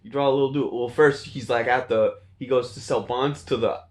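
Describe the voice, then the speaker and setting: A man's voice: mid-range voice, steady tone, a little fast. Laughing man recapping a movie, echoey room. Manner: laughing, doing goofy voices of characters.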